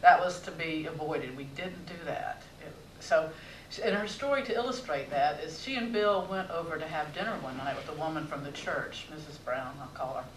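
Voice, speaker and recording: A woman's voice: deep voice, recorded from a distance, slight background noise. Wry woman storyteller in an echoey theater. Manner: wry, expressive, with dramatic pauses. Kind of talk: personal storytelling on stage. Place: theater stage.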